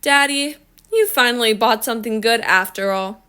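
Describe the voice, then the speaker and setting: A woman's voice: a little high, normal speed, pushed and bright, smooth. A woman reading aloud and voicing a pouty little girl who whines and insists. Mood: pleased. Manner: whiny and insistent.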